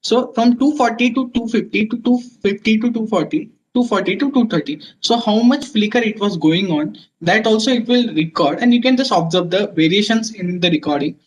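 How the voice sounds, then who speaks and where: Man explaining meters in a high voice. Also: fairly quick, hardly any pauses, a little hiss or hum, rough recording. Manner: explanatory, many fillers and restarts. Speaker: webinar presenter. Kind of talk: technical webinar lecture.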